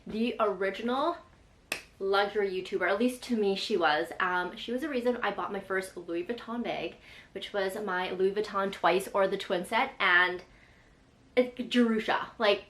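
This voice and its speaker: A young woman vlogger chatting excitedly through an unboxing, emotional and full of fillers. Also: mid-range voice, a little slow, a little hiss or hum. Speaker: lifestyle vlogger. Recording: echoey room with faint ambience.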